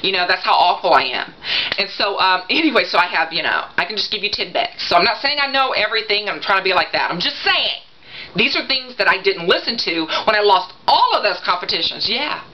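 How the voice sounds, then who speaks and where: Chatty teasing mom, slightly dull sound. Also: female voice, medium pitch, expressive, a little fast. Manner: chatty, teasing, lots of fillers. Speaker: mother giving coaching advice. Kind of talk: casual vlog monologue.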